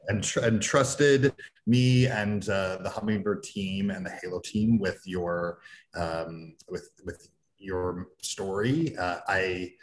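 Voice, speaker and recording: A man hosting a livestreamed book launch as publisher, speaking haltingly with many fillers and restarts. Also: low-pitched.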